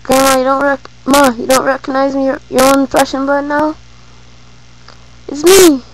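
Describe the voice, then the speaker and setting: Woman doing a flustered uncle, stammers and pleads, higher than her own voice. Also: level tone, normal speed, a little hiss or hum, natural voice, rough recording. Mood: pleading. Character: flustered grown man, an uncle pleading with his mother.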